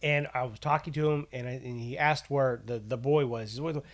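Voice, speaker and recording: A man's voice: mid-range voice, steady tone, a little fast. A man on a casual podcast, telling a long story and acting out the people in it. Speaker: podcast host.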